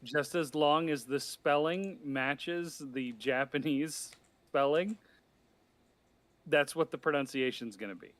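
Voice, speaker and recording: A man's voice: on the high side, slow, fairly bright tone. A man in a casual group discussion who explains things in a matter-of-fact way. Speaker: discussion participant.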